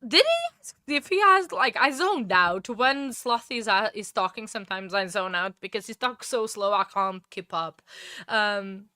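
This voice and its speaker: A woman's voice: mid-range voice, animated, moderate pace, sharp tone, no echo, studio quality. A woman hosting a true crime livestream, chatting casually with viewers and thanking them effusively between frequent laughs. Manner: effusive, often laughing, easily distracted.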